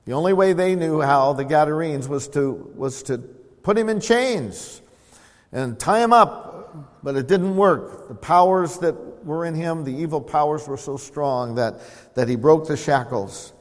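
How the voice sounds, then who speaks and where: A male pastor preaches an expository sermon, earnestly explaining scripture and urging the congregation to respond. His expressive voice moves at a measured pace, growing louder when he reads scripture and dropping low to explain, with long hall reverb around it.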